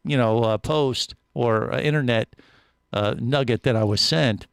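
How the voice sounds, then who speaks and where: A man hosting a radio show and telling a long story in a studio, voice at an average pitch and very dry, close to the mic. He trips over his words and restarts often, keeping the talk casual and lively. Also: unhurried, gravelly, clean tone, dry recording. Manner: animated storyteller, many restarts.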